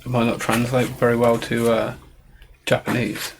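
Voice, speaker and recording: A young English man in his twenties speaks on a livestream. His delivery is hesitant and full of fillers, and his intonation stays flat. There is clear background noise behind him. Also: mid-range voice, normal speed. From England, Oxfordshire. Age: 20s. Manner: hesitant, many short agreements and fillers. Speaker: shop helper. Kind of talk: casual livestream chat.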